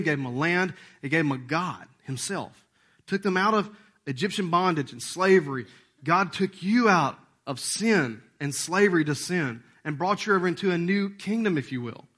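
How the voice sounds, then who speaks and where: A pastor in his thirties delivers a sermon in a folksy, joking manner. His voice sits a little high and carries a bright, forceful edge. He keeps the talk animated and playful.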